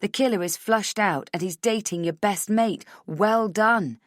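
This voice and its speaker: A woman narrating a first-person thriller audiobook in a measured, steady reading. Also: mid-range voice, dry recording, studio quality.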